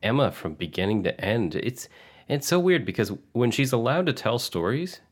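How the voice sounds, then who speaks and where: A man's voice: medium pitch, big pitch swings, moderate pace. A man co-hosting a casual podcast who gives blunt, opinionated rants. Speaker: podcast co-host. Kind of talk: casual chat.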